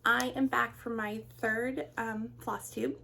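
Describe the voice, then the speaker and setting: A woman's voice: fairly high pitch, little pitch movement, slow pace, creaky, bright, forceful tone. A middle-aged woman chatting casually on her craft vlog, rambling through stories with many fillers. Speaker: craft vlogger.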